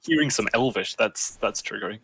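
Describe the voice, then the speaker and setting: A man's voice: lowish voice, a little fast, vocal fry, a bit bright, slight background noise, rough recording. A man playing in a tabletop role-playing game, talking hesitantly and restarting his sentences. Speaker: player. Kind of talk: casual chat in a tabletop game.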